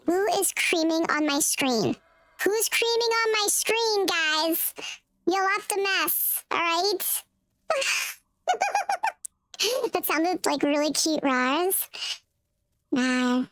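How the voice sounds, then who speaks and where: A woman streamer talking through a high-pitched helium voice changer, chatting playfully with her viewers. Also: lively intonation, very slow, pauses often, fairly bright tone, no room sound, exaggerated voice. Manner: playful, teasing chat. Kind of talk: casual live-stream chat.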